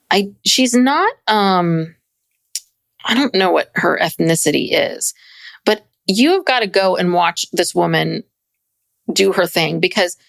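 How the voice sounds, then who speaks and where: Gravelly animated woman podcast co-host. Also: mid-range voice, no echo, clean studio sound. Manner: animated, laughing, mimicking others. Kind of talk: casual chat.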